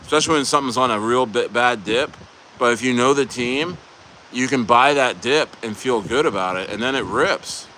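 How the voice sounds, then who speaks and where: Young dude rambling on a stream, ums and you knows, mid voice, loud wind on the mic. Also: male voice, medium pitch, moderate pace, poor audio. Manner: rambling, heavy on fillers. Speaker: livestream host. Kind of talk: casual livestream chat. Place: outdoors at a beach. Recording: loud outdoor wind noise.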